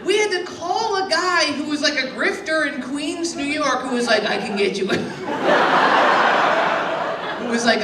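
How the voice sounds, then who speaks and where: A woman's voice: high-pitched, lively intonation, normal speed. A woman performing a stand-up set in a club, rambling crudely and chatting with the audience, laughter behind her. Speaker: stand-up comedian. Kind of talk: stand-up set with crowd work. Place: comedy club stage, live audience. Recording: roomy live club sound from a distance, loud crowd and noise.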